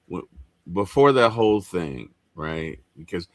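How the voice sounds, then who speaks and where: A man co-hosting a casual sports podcast, animated, playful, often repeating himself. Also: low voice, a little slow. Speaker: podcast co-host.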